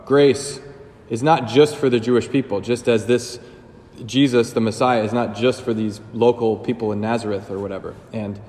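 A man's voice: medium pitch, a little mellow, echoey room, in a large hall. A man giving a sermon as a priest, talking casually and conversationally with fillers and joking asides.

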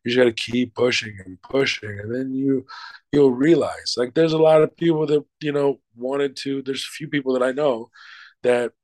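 Here the same kind of speaker, a middle-aged actor and showrunner, fields interview questions in a loose, emphatic style full of swearing and filler words. His mid-range voice holds a steady tone at a moderate pace and sounds a little mellow. There's no echo, though the recording quality is rough.

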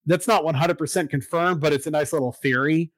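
A man in casual chat, recapping a video game story with lots of fillers and swearing, getting excited about it. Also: fairly high pitch, fairly quick, no echo, rough recording.

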